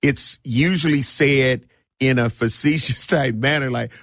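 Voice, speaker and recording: A man hosting a morning radio talk show, talking in an animated, slangy, emphatic way. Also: mid-range voice, a little slow, dry recording, studio quality.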